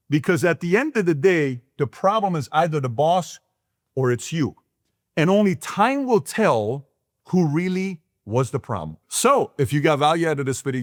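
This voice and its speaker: This business talk show host is a man with a fairly high voice, recorded dry and at studio quality. He addresses the camera emphatically, firing off one rhetorical question after another.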